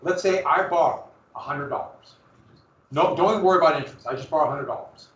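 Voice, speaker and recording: This male history teacher talks fast, his slightly high voice fairly bright, though the audio is dull. He throws questions at the class and answers them on his own, heard from far off in a roomy room.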